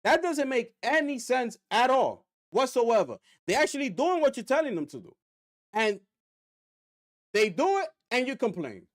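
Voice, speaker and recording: A man's voice: very high-pitched, normal speed. A man streaming gaming commentary, ranting with rhetorical questions and mocking asides. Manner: animated, rhetorical, drops into mocking voices. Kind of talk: live-stream commentary rant.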